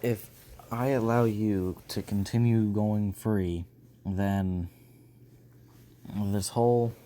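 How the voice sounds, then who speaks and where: A man's voice: lowish voice, steady tone, slow pace, mellow, a little hiss or hum. A man voicing a hostile, suspicious human king who gives blunt orders. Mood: commanding.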